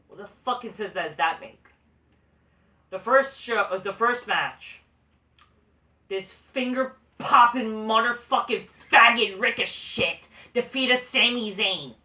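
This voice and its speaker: A man's voice: high voice, unhurried, bright, forceful tone, far from the mic. A man hosting a wrestling review vlog, ranting with heavy profanity and frequent restarts. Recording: echoey room, voice off-mic.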